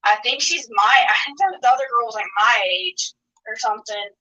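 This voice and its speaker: A woman's voice: a little high, normal speed, sharp tone. A young adult woman calling in to a podcast, chatting casually with a lot of "like". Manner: chatty, with frequent "like". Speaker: guest on the phone. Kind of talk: casual chat. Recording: distant, dull phone line.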